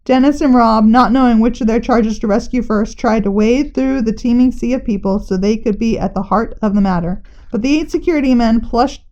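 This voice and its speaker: Woman, storybook read-aloud, lively narration, fairly high voice, muffled lo-fi recording. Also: fairly quick, few pauses. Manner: lively, puts on brief character voices. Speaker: narrator reading a children's novel aloud.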